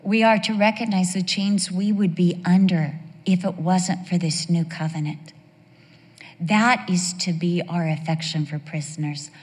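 A woman preaching a sermon, emphatic, slowing down on key phrases and breaking into playful asides. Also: on the low side, big-room sound.

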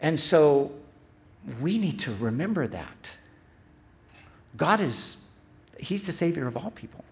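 A man's voice: a little high, sing-song, slow pace, pauses often. A middle-aged man preaching a sermon as pastor. He speaks earnestly, building emphasis on repeated phrases, and restarts his sentences when he speaks off the cuff.

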